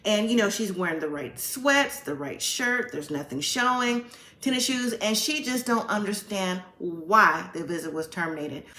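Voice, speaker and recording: A woman's voice: medium pitch, expressive, normal speed, pushed and bright, echoey room. A woman hosting a casual recap, retelling scenes in a chatty storytelling way and acting out the quotes. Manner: chatty storytelling, acts out quotes with "like" and "you know". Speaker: reality TV recap host.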